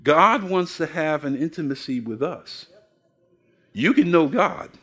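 A man's voice: fairly high pitch, lively intonation, a little slow, pushed and bright. An older man preaching a sermon, asking the congregation questions and telling folksy stories with acted-out voices. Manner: folksy storytelling, acts out quoted voices. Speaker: pastor.

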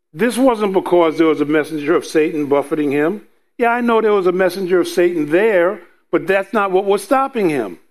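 A man's voice: high-pitched, a little mellow. A man preaching a sermon in an earnest way, driving points home with repetition. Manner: earnest, repetitive emphasis, acts out quoted voices.

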